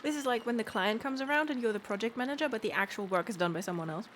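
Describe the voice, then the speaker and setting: Brief: joking let's-play host, woman, fairly high voice, noisy background. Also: lively intonation, quick pace. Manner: joking, chatty, reads game text aloud. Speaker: game streamer. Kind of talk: casual let's play commentary.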